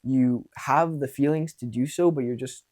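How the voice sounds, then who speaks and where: A young man talks straight to the camera as a dating coach, casual and blunt with frequent swearing. He acts out bits of dialogue to make his points, at a voice of ordinary, middle pitch. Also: normal speed, a little mellow. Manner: blunt, profane, acts out quoted exchanges. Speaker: dating and social skills coach. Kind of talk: casual advice monologue.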